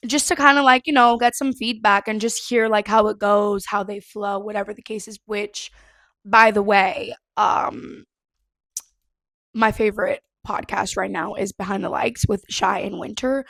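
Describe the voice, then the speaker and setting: A young woman talks through her first podcast episode in a loose, chatty way, swearing and laughing as she goes. Her voice sits a little high, and the recording is close and dry with no room sound. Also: no echo. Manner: chatty, expressive, swears casually, laughs often. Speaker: podcast host. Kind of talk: casual solo podcast chat.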